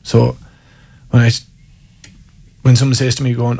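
A man's voice: medium pitch, completely flat delivery, normal speed, vocal fry, dark tone, breathy edge. A man with an Irish accent, a former Gaelic footballer telling wry, candid stories in an interview. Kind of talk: casual storytelling interview.

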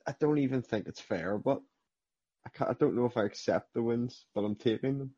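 A man with a husky voice talks as a guest on a podcast, modest and a bit hesitant. The sound is dry and dull, like a lo-fi remote line. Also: medium pitch, fairly quick, warm tone, no echo. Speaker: podcast guest, sim racing driver. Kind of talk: casual podcast chat.

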